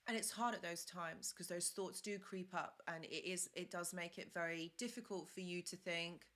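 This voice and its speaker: A young woman talks through a live stream in a bright, clear voice. She gives earnest advice, circles back over her points and speaks casually to her viewers. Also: fairly low pitch, moderate pace. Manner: earnest, repetitive, reads comments aloud. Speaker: live stream host, relationship advisor.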